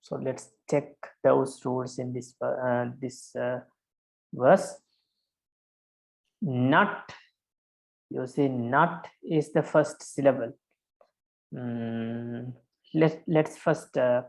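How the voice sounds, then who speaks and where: Patient monk teaching with a gravelly voice. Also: male voice, medium pitch, poor audio. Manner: patient, counts syllables aloud, frequent fillers and repeats. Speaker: Pali teacher. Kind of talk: online lesson on verse meter.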